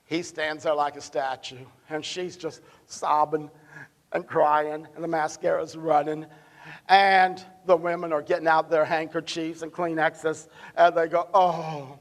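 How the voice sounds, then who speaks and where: High-voiced male pastor preaching. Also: level tone, unhurried, long reverb tail. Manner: emphatic, swings between loud and hushed; repeats words when building a point. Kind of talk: sermon. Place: church sanctuary.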